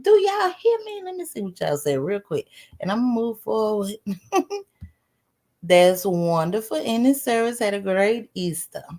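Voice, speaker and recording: A woman livestreaming, casually telling a story to her chat. She is animated, swears freely, laughs as she talks and keeps throwing questions to her viewers. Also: mid-range voice, measured pace. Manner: laughs while talking. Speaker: live streamer.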